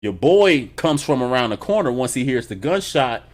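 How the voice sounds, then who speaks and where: Male TV reviewer, loose and animated, swears freely, chuckles while retelling scenes. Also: mid-range voice, moderate pace. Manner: animated, profane storytelling; laughs between remarks. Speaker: TV episode reviewer. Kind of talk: casual reaction review.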